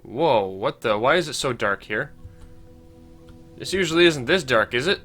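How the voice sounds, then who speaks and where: A man's voice: medium pitch, animated, normal speed, bright, forceful tone, faint music behind. A young man with a stuffy cold, giving dry, sarcastic commentary while playing a computer game. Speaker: gaming channel host.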